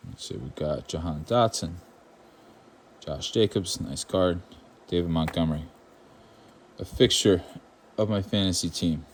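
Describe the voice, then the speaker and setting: His voice sits low and unhurried, with long pauses and a little hiss or hum behind it. The Irish-born man hosts his own channel, opening trading card packs and chatting casually and wryly, rambling and feigning outrage.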